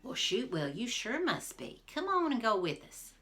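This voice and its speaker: Woman playing a clever young hero, confident, calling out, storybook read-aloud, bright. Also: a little high, very animated, moderate pace, pitched above the performer's own voice. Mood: eager. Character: clever young male folk hero Jack.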